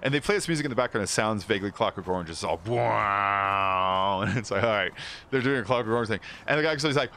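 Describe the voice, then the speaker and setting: A man's voice: fairly low pitch, fast, sharp tone. A man chatting casually while streaming a game, rambling through movie stories and laughing often. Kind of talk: casual gaming stream chat.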